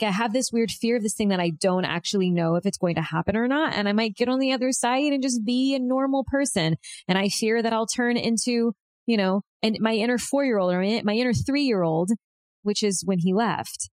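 A woman's voice: mid-range voice, darkish tone, no room sound, clean studio sound. A woman talking openly about her father in a personal conversation, hesitating and restarting as she searches for words. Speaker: guest discussing her estranged father.

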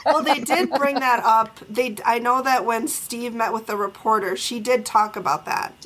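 A woman hosting a podcast interview, relaxed and quick to laugh. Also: on the high side, slight background noise, poor audio. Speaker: podcast host. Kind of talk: casual interview.

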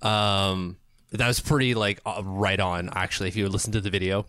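A man's voice: deep voice, steady tone, normal speed, fairly bright tone, clear, resonant tone, no echo, clean studio sound. A man co-hosting a hockey podcast in casual sports chat, rambling and joking as he goes. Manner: rambling, joking, restarts words.

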